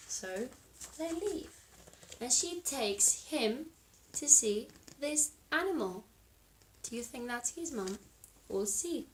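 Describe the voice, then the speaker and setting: A woman reading a picture book aloud to children, pausing to ask listeners questions. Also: high voice, lively intonation, slight background noise. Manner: asks listeners questions, lilting. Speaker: storyteller. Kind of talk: storybook read-aloud for children.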